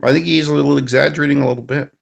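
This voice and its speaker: A man's voice: on the high side, steady tone, very fast, gravelly, muffled recording. A man co-hosting a podcast in casual film chat, making dry joking remarks. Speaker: podcast co-host.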